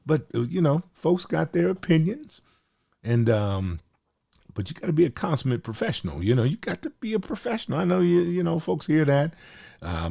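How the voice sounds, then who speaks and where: A man's voice: fairly low pitch, gravelly, a little mellow, no echo, clean studio sound. A man hosting a casual commentary show, scolding and exasperated, with many fillers and restarts. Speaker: host.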